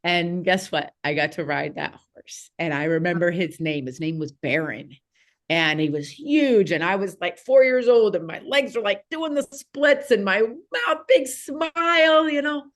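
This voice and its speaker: A woman, a podcast guest telling a childhood story in a casual, animated way with frequent laughs and fillers. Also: lowish voice, a little slow. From Southeast Missouri, USA.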